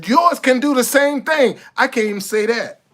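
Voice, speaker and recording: A man's voice: extremely high pitch, animated, moderate pace, fairly bright tone. A man giving an impassioned, sarcastic monologue, stumbling over repeated words as he preaches. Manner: sarcastic, repetitive stammering restarts, preachy. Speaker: street activist vlogger. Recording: faint music behind.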